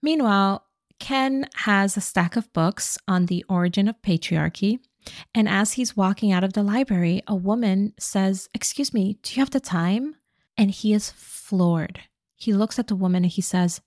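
A woman co-hosting a podcast, casually retelling a movie plot with animated, playful quoted lines. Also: medium pitch, moderate pace, no room sound, studio quality. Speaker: podcast co-host recapping a movie.

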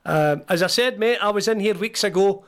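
A man's voice: sits high, a little fast, a bit bright. A Scottish man, a former footballer, co-hosting a sports radio chat, joking and laughing as he banters with a guest. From Scotland.

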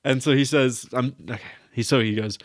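A man's voice: medium pitch, fairly even intonation, a little fast, dry recording, clean studio sound. A young man hosting a podcast, telling a rambling story in casual chat, swearing often and filling with "like" and "um". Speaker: podcast host.

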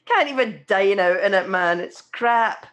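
A Scottish woman chats as an interview guest, rambling loosely with dry humour and frequent laughter. Her voice sits at an ordinary middle pitch for a woman. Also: highs cut off. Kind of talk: casual interview chat.

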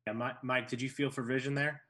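A man's voice: medium pitch, flat delivery, quick pace, bright, forceful tone. A man co-hosting a podcast, chatting casually and eagerly. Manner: eager, enthusiastic. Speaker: podcast co-host.

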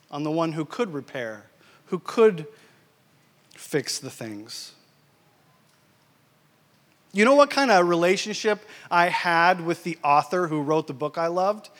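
High-voiced man preaching in a hall. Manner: animated storytelling, swinging between loud and hushed. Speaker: guest preacher. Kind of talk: sermon. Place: church. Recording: church hall reverb.

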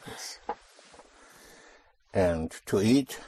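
A man's voice: low voice, expressive, drawn-out words, dark tone. A man teaching a language class, patiently drilling words and correcting pronunciation.

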